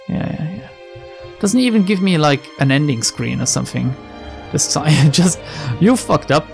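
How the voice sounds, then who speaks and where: Woman gaming host, low gravelly voice, wry casual let's-play commentary. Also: lively intonation, normal speed, a little mellow, faint music behind. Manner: wry, laughing, swears casually.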